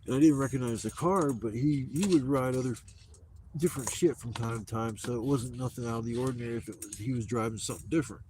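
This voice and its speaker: A man's voice: mid-range voice, fast talker, a little mellow, a little hiss or hum. A man on a live stream telling a story in casual talk, rambling and swearing a lot.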